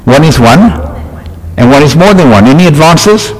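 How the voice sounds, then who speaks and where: A man's voice: on the high side, lively intonation, normal speed, slightly rough. A man preaching a sermon, reading scripture aloud and then bantering with and quizzing his congregation. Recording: reverberant hall.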